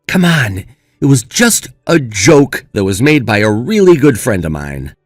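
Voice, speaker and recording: A man's voice: medium pitch, very animated, measured pace, dry recording, clean studio sound. A man playing a careless young groom who brushes off his bride with taunting, dismissive remarks. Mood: mocking.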